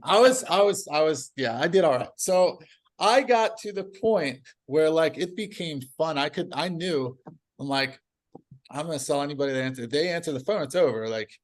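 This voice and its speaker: A man telling stories as a podcast guest in casual conversation, animated and laughing often. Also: a little high, moderate pace.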